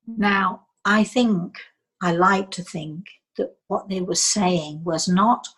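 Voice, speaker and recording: An older woman from England, a psychic medium telling a story in a soft, slow way that dips into near whispers. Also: lowish voice, fairly even intonation, husky, poor audio.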